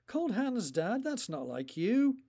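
A man voicing a gentle, coaxing grown son. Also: high-pitched, very animated, slow, slightly rough, voice pushed up, exaggerated voice. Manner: soft, reassuring, coaxing. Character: grown son gently comforting his frail father.

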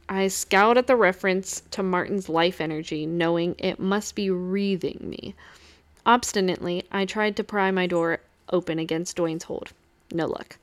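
A woman's voice: on the low side, moderate pace. A woman reading a first-person novel aloud, with wry, lightly amused narration. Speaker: audiobook reader.

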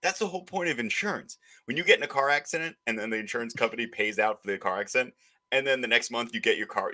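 A man's voice: fairly low pitch, pushed and bright. A man hosting a political podcast who rants emphatically and slips into mocking voices. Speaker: podcast host. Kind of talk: opinionated political podcast talk.

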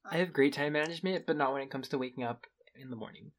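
A man's voice: medium pitch, fast. A young man co-hosting a podcast, telling stories casually and laughing things off. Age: young adult. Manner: laid-back, laughs things off. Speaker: podcast co-host. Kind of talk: casual chat.

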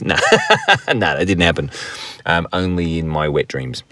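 A man's voice: low-pitched, normal speed, a bit bright. A man hosting a podcast on his own from inside his car, telling a story in a rambling, crude, jokey way and laughing often. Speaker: podcast host. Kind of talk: casual solo storytelling.

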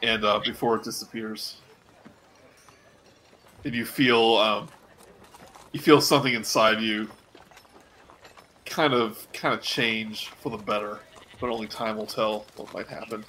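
Slow, bright-voiced male game master. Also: on the low side, fairly even intonation, a little hiss or hum, poor audio. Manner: halting, many ums. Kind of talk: narrating a tabletop game.

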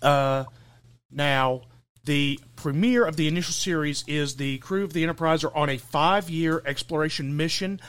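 Joking podcast co-host, slightly high. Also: male voice, moderate pace, fairly bright tone, smooth, dry recording. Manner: joking, laughs often, lists topics. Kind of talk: casual chat.

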